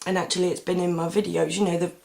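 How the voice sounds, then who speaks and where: A woman's voice: fairly low pitch, little pitch movement, racing, creaky, darkish tone. A woman talking casually to camera in a meandering, chatty way, full of ums and restarts. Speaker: vlogger. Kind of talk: casual rambling monologue.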